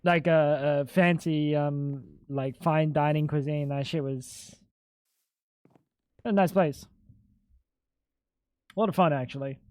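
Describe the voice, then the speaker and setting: A man's voice: fairly high pitch, steady tone, slow pace, pauses often, a little mellow, smooth, dry recording. A young adult man streaming live, chatting casually with crude jokes and swearing, sounding incredulous.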